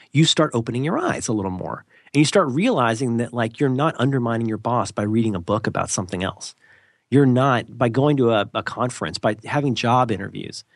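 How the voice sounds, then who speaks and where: A man holding forth on a podcast, his pitch leaping up and down as he makes his points. He talks emphatically, often jumping into mocking voices of other people. The sound is dry and close, with no room echo. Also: husky. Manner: animated, jumps into mock voices, emphatic. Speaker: podcast co-host. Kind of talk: casual podcast rant.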